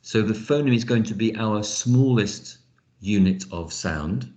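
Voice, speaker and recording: A man's voice: fairly low pitch, expressive, unhurried, warm tone, roomy sound. A man teaching an online phonics lesson, explaining step by step with frequent fillers. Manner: explanatory, thinks aloud with fillers. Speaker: lecturer.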